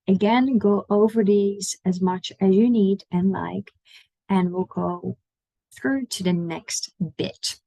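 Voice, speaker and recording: A Dutch-speaking woman teaching an online language lesson in English, saying Dutch words slowly and repeating them for learners. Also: mid-range voice, warm tone, no room sound, low-quality recording.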